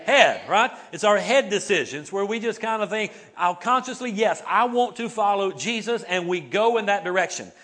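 A man's voice: high voice, animated, normal speed, few pauses, a bit bright. A man pastor preaching a sermon to a congregation in a church, talking conversationally, often tagging his points with "right?" and having the congregation repeat words back. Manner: conversational, many "right?" and "okay?" tags. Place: church sanctuary before a congregation.

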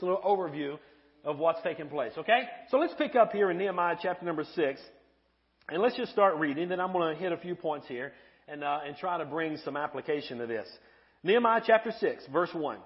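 A man preaching a sermon to a live congregation, animated and playful, asking the crowd questions. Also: high voice, lo-fi sound. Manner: playful humor. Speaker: pastor.

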